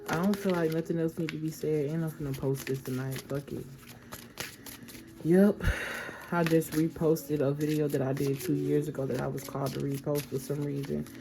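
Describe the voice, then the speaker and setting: A woman's voice: sits low, little pitch movement, moderate pace, creaky, noisy background. A woman giving a casual, affirming tarot reading and often checking in with "okay?". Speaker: tarot reader.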